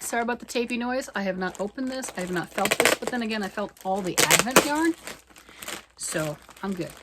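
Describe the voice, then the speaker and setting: A middle-aged woman chatting fast and excitedly about knitting, rambling off on tangents. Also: medium pitch, background noise. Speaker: knitting vlogger. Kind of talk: casual chat.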